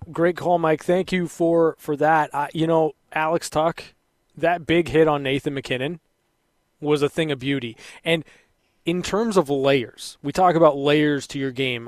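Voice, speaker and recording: A man hosting a call-in sports radio postgame show, upbeat and quick to greet callers. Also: fairly high pitch, steady tone, dry recording, studio quality. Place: radio studio. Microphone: broadcast mic.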